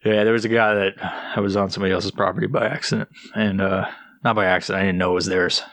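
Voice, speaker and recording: Young male podcast host, low voice, dry close mic, profane and rambling. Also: level tone, fast talker, fairly bright tone, no room sound. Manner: profane, rambling, filler-heavy. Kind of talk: casual chat.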